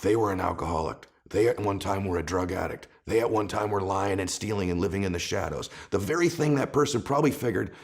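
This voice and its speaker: A man's voice: low-pitched, quick pace, few pauses. A middle-aged man, a guest author in an interview, telling personal stories with emphatic, building passion. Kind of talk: conversational interview storytelling.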